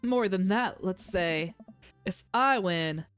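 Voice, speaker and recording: A woman voicing a confident, competitive fisherman dad in a lowered, broadcaster-like voice. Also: takes it slowly, smooth, faint music behind, natural voice. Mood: boastful. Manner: deeper put-on voice aiming for a broadcaster sound.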